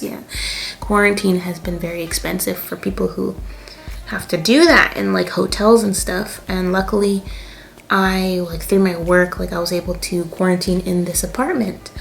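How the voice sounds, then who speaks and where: A Canadian vlogger in her twenties, with a Canadian accent, chats through a casual storytime, full of fillers and laughter. Her voice is medium-pitched and creaky.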